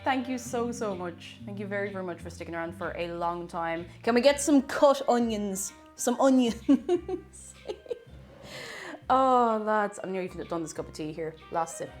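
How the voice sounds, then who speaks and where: Baking on a live stream, a young woman from Ireland reads out the chat and thanks her viewers in a casual, animated way. She speaks at a normal pace with a medium-pitched voice, over faint background music.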